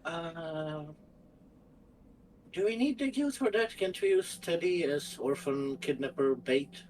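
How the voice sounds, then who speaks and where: A man's voice: fairly high pitch, lively intonation, slow, a little mellow, slight background noise, poor audio. A man in casual chat during a tabletop game, playful and full of questions.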